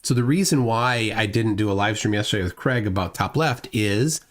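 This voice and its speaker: A man's voice: fairly low pitch, normal speed. A middle-aged man hosting a casual livestream, reading chat comments aloud and rambling with frequent restarts. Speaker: livestream host.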